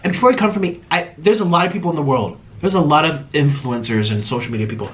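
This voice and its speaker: A man chatting casually through a mukbang eating vlog, dramatic and swinging between low mumbles and excited yelps. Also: fast talker. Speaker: mukbang vlogger.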